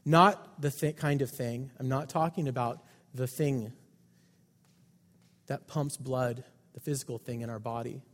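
A man preaching a sermon as pastor, emphatic, with loud stresses and quiet asides. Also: mid-range voice, steady tone, measured pace, long pauses. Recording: long hall reverb.

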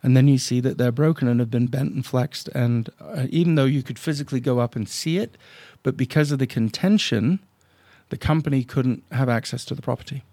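On a dry recording, the drone business owner speaks in a warm, mid-range voice, a little fast. As a guest in a casual podcast interview, he recounts blunt, emphatic stories, acting out what his clients said.

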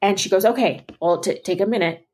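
Speaking briskly in a medium-pitched, darkish-toned voice, a young woman co-hosting a podcast narrates a story during casual chat and plays both parts of the dialogue.

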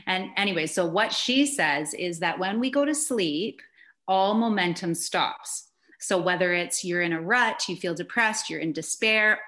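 Woman, 30s, podcast guest, casual chat, cheerful and giggly. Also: mid-range voice. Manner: cheerful, giggly, warmly enthusiastic.

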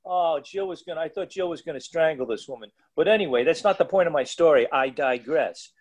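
A man's voice: a little high, a little fast. A man who plays the music at powerlifting meets, telling rambling, digressive stories in a casual podcast chat with many restarts.

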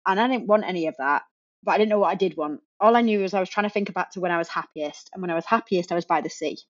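A woman's voice: fairly low pitch, rapid-fire. Woman in her thirties, podcast guest, chatty storyteller, dull lo-fi sound. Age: 30s. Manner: chatty storytelling with frequent laughs and restarts. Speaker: podcast guest, remote work coach. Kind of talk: casual interview chat.

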